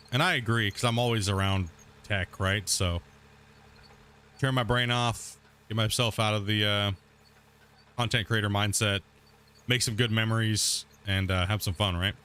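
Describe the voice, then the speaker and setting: A man's voice: on the low side, moderate pace, pauses often, sharp tone, clean tone. A man streaming a game from his home desk, chatting casually and saying dude a lot while he coos at his cat. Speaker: gaming streamer. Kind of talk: casual live-stream chat. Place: home gaming room. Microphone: desk mic at a gaming setup.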